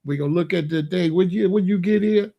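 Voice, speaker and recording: A man's voice: high-pitched, a little fast, slightly rough, highs cut off. A man hosting a casual monologue, talking in a loose, joking, rambling way. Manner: loose, joking and rambling, laughs at own jokes. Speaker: host.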